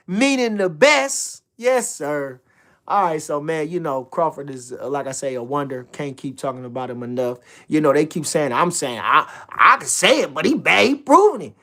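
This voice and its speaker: A man's voice: fairly high pitch, expressive, normal speed, bright, forceful tone. A man hosting a casual livestream, hyped and repeating himself, swearing freely. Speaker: livestream host talking boxing.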